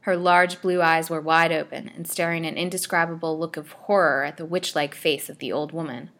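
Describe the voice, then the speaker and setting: A woman narrating a serialized gothic storybook with a dramatic, expressive reading. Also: low voice, moderate pace.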